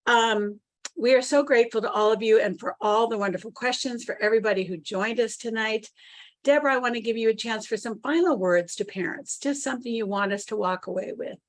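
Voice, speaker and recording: She is an upbeat woman hosting an online parenting seminar. She reads out audience questions and thanks her guest in a fairly high, encouraging voice. The dry, close sound of her video call has almost no room. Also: fairly quick, dry recording. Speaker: webinar host. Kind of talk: moderating live Q&A.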